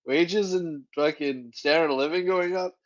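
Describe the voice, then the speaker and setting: A man co-hosting, chatting casually and telling stories in an animated way, swearing as he goes. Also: fairly high pitch, normal speed, dull audio. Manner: animated storytelling, laughs, swears. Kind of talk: casual profane chat.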